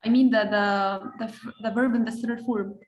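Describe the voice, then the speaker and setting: A woman's voice: a little high, fairly even intonation, moderate pace, echoey room, highs cut off. A woman student on a video call, asking questions hesitantly and searching for her words.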